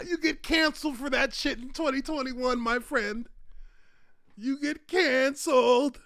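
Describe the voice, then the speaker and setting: A man in his thirties streaming a reaction to an old clip, blurting loud profane exclamations and laughing between remarks. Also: extremely high pitch, a little slow, no room sound, clean studio sound. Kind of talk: casual reaction commentary.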